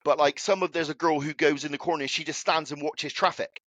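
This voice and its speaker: A young man with a slightly high voice talks fast on a recording with no echo. A podcast co-host, he tells an animated story in casual chat and swears freely throughout.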